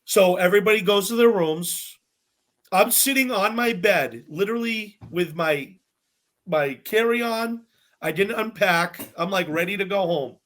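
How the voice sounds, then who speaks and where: Man, bubbly storyteller, fairly high voice, animated and swears a lot. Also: unhurried. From Massachusetts, US. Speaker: podcast guest, former cooking show contestant. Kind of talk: casual storytelling chat.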